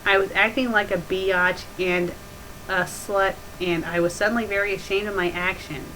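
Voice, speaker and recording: A woman's voice: medium pitch, steady tone, moderate pace, bright, forceful tone, slight background noise, rough recording. A woman hosting a comedic review, reading bad fan fiction aloud and mocking it with sarcastic asides.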